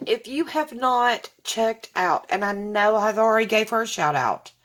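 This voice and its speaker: A woman's voice: fairly high pitch, expressive, normal speed, fairly bright tone. A woman, gushing as she unboxes gifts in a casual vlog. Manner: gushing and effusive, says y'all. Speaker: vlogger.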